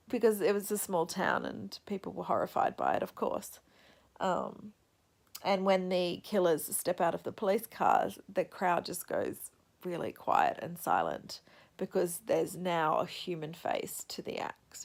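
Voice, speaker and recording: A young woman chats casually about her reading, thoughtful and halting as she works through her reactions. Her voice carries a gravelly fry and she sounds teary after crying. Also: on the low side. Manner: reflective, soft-spoken, halting. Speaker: book vlogger.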